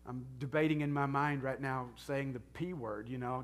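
A man's voice: medium pitch, fairly even intonation, moderate pace. A middle-aged man preaching as a pastor in an earnest, conversational way that rises to fervent prayer. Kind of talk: sermon and closing prayer.

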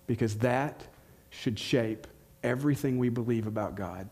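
A pastor in his forties from the United States, with a Southern American accent, preaches a sermon earnestly and asks his congregation questions, repeating key lines for emphasis. His voice is medium-pitched, husky and darkish, at a moderate pace with few pauses.

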